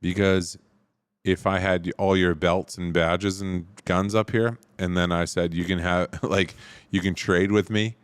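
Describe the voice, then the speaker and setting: A man's voice: low voice, little pitch movement, measured pace, clean tone, no echo. A male comedian, a guest telling a story in a laid-back casual chat. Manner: laid-back, says dude a lot.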